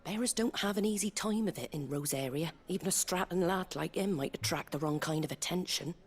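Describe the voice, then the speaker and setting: An actress voicing a wary, blunt innkeeper woman in a game, husky and plain-spoken. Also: lowish voice, fairly quick. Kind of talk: game dialogue.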